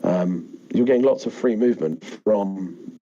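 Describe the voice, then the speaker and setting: British guest, dark mellow voice, dry self-mocking humor, casual. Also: male voice, fairly low pitch, measured pace, muffled recording. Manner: wry, self-deprecating, chatty. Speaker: guest player. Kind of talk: casual chat.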